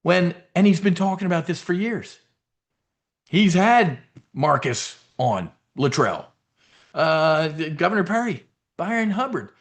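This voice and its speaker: A man's voice: high voice, big pitch swings, fairly bright tone. Male host, mid-range voice, rambling profane rant full of restarts. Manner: fast, rambling, blunt and profane, with frequent restarts. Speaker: host of a trading and market show. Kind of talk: casual live-stream rant.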